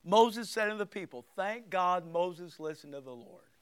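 Preacher, male: high and crisp, emphatic sermon delivery, dry close sound. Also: animated, moderate pace, no room sound. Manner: emphatic, swings from loud to hushed. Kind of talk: sermon reading scripture aloud.

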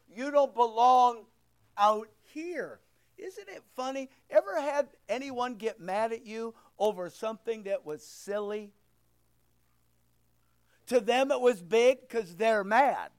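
A man preaching to his congregation. His voice sits very high for a man, and he takes his time, pressing each point home with rhetorical questions. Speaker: pastor. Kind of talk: sermon.

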